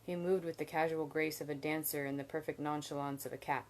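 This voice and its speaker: A woman with a notably low voice reads a novel aloud on a live stream. Her reading is measured and even, stumbling now and then and picking the line back up. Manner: measured, with occasional slips and restarts. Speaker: reader.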